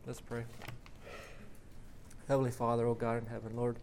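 A man's voice: medium pitch, monotone, normal speed, darkish tone, a little hiss or hum. A man preaching, reading a dramatic story aloud and then leading a prayer, emphatic on repeated questions. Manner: emphatic, rising on rhetorical questions.

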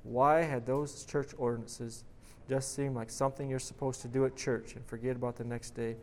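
Male preacher, sermon reading and prayer, emphatic questions, mid-pitched voice. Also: little pitch movement, moderate pace, darkish tone, a little hiss or hum. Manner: emphatic, rising on rhetorical questions.

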